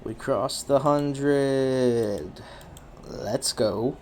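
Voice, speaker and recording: A man's voice: mid-range voice, very slow, a little mellow, a little hiss or hum. Tired man rambling while streaming. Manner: rambling, self-talking, restarts. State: tired, yawning. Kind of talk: casual solo stream commentary.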